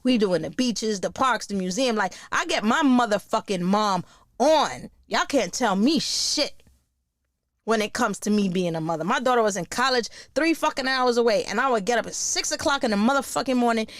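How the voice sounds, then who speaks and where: A woman, hosting a podcast in a blunt, profane, animated casual monologue. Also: fairly high pitch, brisk, no room sound, clean studio sound. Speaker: podcast host.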